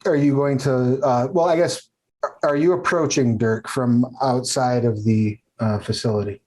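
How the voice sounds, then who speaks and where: A man's voice: medium pitch, steady tone, unhurried, darkish tone, poor audio. A man narrating as game master of a tabletop game, with a rambling, filler-heavy delivery. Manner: rambling, many fillers and restarts.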